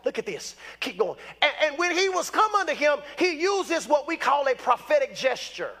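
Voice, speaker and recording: A man in his fifties delivers a sermon in a strikingly high voice. He preaches with fervor, bursting into shouts and repeating phrases to drive a point home. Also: big pitch swings, normal speed. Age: 50s. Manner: fervent, bursts into shouts, repeats lines for emphasis.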